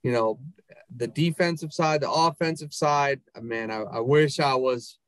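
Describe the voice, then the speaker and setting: A man's voice: medium pitch, moderate pace, no room sound. A man in his forties from the United States, a podcast guest in casual chat, easygoing and enthusiastic. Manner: easygoing and enthusiastic, calls people dude and bro.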